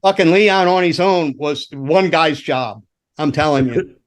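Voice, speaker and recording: Profane storytelling man, higher voice. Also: unhurried. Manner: animated, profane anecdotes. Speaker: veteran rock roadie guest. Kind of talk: casual storytelling chat.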